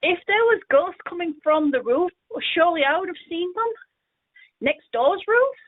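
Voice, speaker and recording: A woman calling in to a radio show, telling a childhood story in an animated way and acting out the voices. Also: very high-pitched, normal speed, no echo. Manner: animated, acts out the quoted voices. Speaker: caller. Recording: dry tinny phone line.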